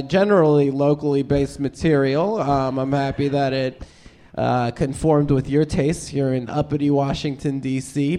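On a live stage, a man plays a blustery old-timer stand-up comic with a somewhat high-pitched but natural voice. In this improvised character interview, he boastfully rambles about his hometown in crude, swaggering bursts.

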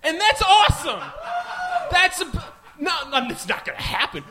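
A man in his twenties from the Midwest rambles through a self-mocking comic monologue as host of a live show. His voice sits high and leaps all over the place as he gets excited. He swears freely and keeps tumbling from one tangent to the next. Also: normal speed, over music. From American Midwest. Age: 20s.

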